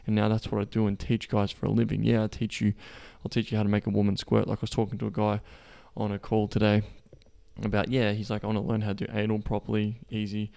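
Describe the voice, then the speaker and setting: A man's voice: lowish voice, monotone, quick pace, vocal fry, mellow, no room sound. A man coaching other men on dating, talking bluntly in a casual monologue full of swearing and restarts. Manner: blunt and profane, with frequent restarts, growing emphatic. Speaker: podcast host and men's dating coach.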